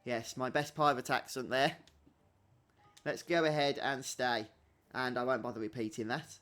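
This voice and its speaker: A man's voice: medium pitch, fairly even intonation, normal speed, a bit bright. A man hosting a let's-play, chatting wryly as he plays and reads the game text aloud. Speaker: gaming channel host.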